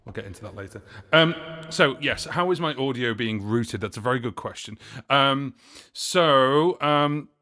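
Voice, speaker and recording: A man's voice: medium pitch, expressive, a little slow, pushed and bright. A man hosting a casual music livestream, chatting to viewers and answering their questions in a rambling way, with many fillers and self-corrections. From United Kingdom. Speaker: livestream host and looping musician.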